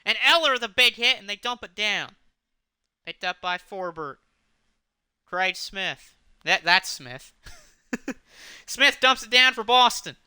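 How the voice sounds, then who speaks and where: A man's voice: high-pitched, lively intonation, pushed and bright, clean tone, dry recording, clean studio sound. A man doing play-by-play commentary over a hockey video game, rattling off player names and stopping to fix his own pronunciation. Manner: rapid name-calling, stops to fix his own pronunciation.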